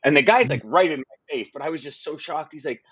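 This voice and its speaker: A man, a guest in a casual podcast conversation, talking in an animated storytelling way with frequent restarts. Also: fairly high pitch, fast, breathy edge, dry recording, highs cut off. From Canada. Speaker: guest, freight broker.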